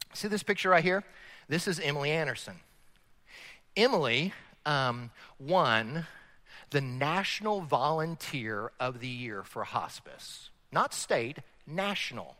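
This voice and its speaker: Male pastor, bright and animated sermon delivery in a big echoing sanctuary. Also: mid-range voice. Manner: animated preaching, rises and drops in volume. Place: church sanctuary.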